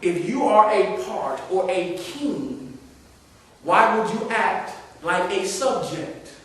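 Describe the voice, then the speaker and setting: Middle-aged pastor guy preaching, high voice, goes quiet then loud n scolding, mic far off. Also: big pitch swings, takes it slowly. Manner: swings from hushed talk to loud, playful scolding. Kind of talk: sermon. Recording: very echoey hall, far-off mic, faint hiss.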